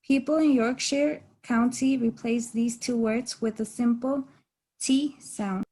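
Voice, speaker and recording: A young woman, a native Spanish speaker, presents a class topic in English, explaining in steady, instructive sentences. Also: on the high side, slow, slightly rough, poor audio. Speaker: student presenter.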